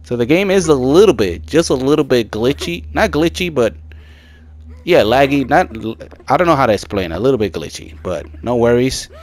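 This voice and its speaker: Excitable man talking over a horror game. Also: mid-range voice, normal speed, slight background noise. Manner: excitable, jumps to loud shouts and laughter; chatty, addresses viewers as "guys". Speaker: gaming commentator. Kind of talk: casual let's-play commentary.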